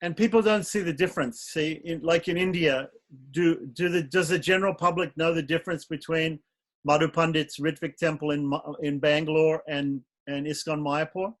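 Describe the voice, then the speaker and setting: A man gives advice in a relaxed talk, pausing and restarting as he thinks things through. His voice sits a little above the usual male range. He sounds reflective and unhurried. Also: on the high side. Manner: reflective, halting, many restarts.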